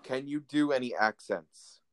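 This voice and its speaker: A man's voice: medium pitch, a little slow, fairly bright tone. A young man hosting a casual chat, teasing his guest and joking about himself. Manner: joking, self-deprecating. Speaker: host.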